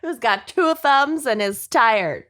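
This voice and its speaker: Woman podcast host, higher voice, unhurried chatty delivery, faint music underneath. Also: animated, fairly bright tone. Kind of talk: casual podcast chat.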